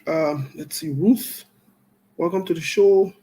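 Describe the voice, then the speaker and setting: Man, talk show host, high voice, slow deliberate delivery, greets callers by name. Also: low-quality recording. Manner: greets callers by name in a steady string, joking asides. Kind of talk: call-in talk show greetings and political commentary.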